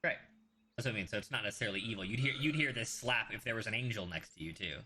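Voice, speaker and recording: A man's voice: lowish voice, racing, bright, forceful tone, slight background noise. A man acting as game master, explaining rules and narrating scenes in a loose, conversational way.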